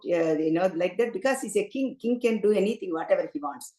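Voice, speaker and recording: Woman, spiritual discourse, storytelling, slow chanted verses, roomy reverberant room. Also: mid-range voice, animated, dark tone. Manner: chants Sanskrit verses slowly between storytelling. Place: temple hall. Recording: roomy hall echo.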